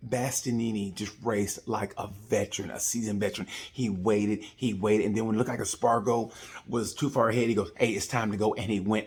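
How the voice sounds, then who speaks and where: A man hosting his own video channel, giving a casual, rambling race review with jokes and nicknames. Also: mid-range voice. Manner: chatty, jokey, loose with nicknames. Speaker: vlog host reviewing a race.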